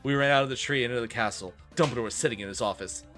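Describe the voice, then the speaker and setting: A man's voice: mid-range voice, racing, fairly bright tone. A man streaming a comedic dramatic reading, with sarcastic, swearing, laughing asides. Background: faint rock music.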